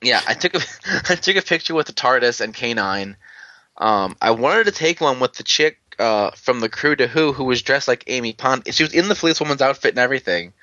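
A man's voice: mid-range voice, animated, a little fast, sharp tone, no echo. A man telling a rambling convention story in casual chat, full of fillers and restarts, chuckling as he goes. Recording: dull lo-fi dry recording.

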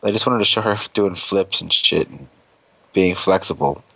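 A man with a deep, low voice recaps an episode in loose, rambling podcast chat, swearing freely and cracking jokes as he goes. The sound is dull and lo-fi, dry and close with no room to it. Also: moderate pace, gravelly, a bit bright, husky, dry recording. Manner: rambling, profane, joking. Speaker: podcast host.

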